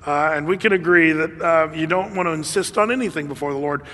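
High-voiced preacher in a reverberant hall. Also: male voice, fast. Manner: conversational, animated, with laughs and fillers. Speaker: pastor. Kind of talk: sermon.

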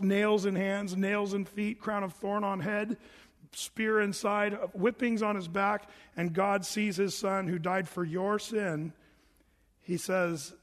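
Guy preaching, reads the bible out then chats about it, high voice, long reverb. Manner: reads scripture aloud, then explains it in a casual, animated way. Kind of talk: evening Bible study sermon.

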